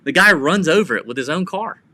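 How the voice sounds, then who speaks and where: Excitable man with a sharp, bright voice. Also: on the high side, fairly quick, no room sound. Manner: excitable, rambling storyteller. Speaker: podcast co-host. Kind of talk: casual podcast chat.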